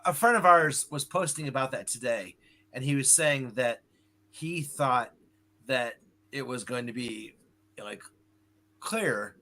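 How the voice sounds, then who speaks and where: A man's voice: mid-range voice, takes it slowly, pauses often, sharp tone. A man co-hosting a casual live stream, chiming in with eager remarks. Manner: eager interjections.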